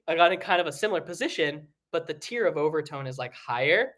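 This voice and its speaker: A man teaching singing in a casual, rambling way, with many fillers and restarts, breaking into high sung examples. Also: lively intonation, quick pace, a bit bright. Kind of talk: live online singing lesson.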